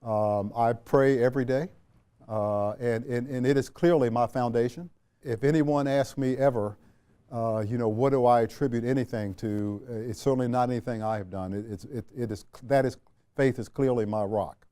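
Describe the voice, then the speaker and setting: A man from Washington, D.C. recounts his past in a relaxed, mellow voice, sitting as a guest in an interview. He speaks at a middling pitch, unhurried, with frequent fillers and restarts. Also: clear, resonant tone. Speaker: interview guest, retired general. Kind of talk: reflective storytelling.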